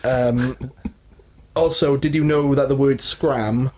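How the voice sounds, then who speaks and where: A man's voice: mid-range voice, fairly even intonation, takes it slowly, a little mellow, slight background noise. A young man co-hosting a casual podcast, telling family stories and laughing often. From Wales. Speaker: podcast co-host. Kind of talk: casual chat.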